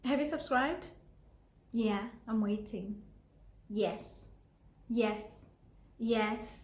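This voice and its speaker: A young South African woman vlogging to camera, bubbly and giggly, with sudden high exclamations. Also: drawn-out words, long pauses, echoey room. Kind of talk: casual chat to camera.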